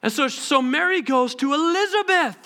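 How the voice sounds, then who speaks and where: Man, sermon, animated preaching, sharp bright tone. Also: extremely high pitch, normal speed. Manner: animated, acts out scenes with sudden shouted voices. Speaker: pastor.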